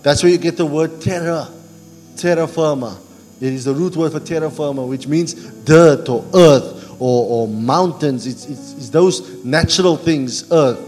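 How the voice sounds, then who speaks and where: Pastor preaching in a church hall. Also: male voice, fairly high pitch, unhurried, a little mellow. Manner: call-and-response preaching, asks the congregation to finish verses. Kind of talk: sermon. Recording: church hall reverb with music.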